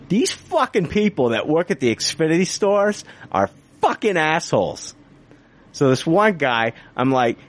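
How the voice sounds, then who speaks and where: A man telling a long, exasperated story in casual chat, swearing constantly. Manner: heavy swearing, exasperated, lively pitch.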